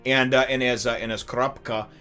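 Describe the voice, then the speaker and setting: A man hosting a casual episode review, rambling and animated, full of fillers, chuckles and acted-out bits. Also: medium pitch, moderate pace, faint music behind. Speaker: anime reviewer and channel host.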